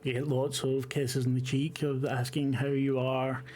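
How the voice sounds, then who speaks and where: A man running a horror tabletop game as game master, setting scenes in a halting, descriptive way. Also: mid-range voice, flat delivery, darkish tone, a little hiss or hum. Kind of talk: narrating a horror tabletop game over a call.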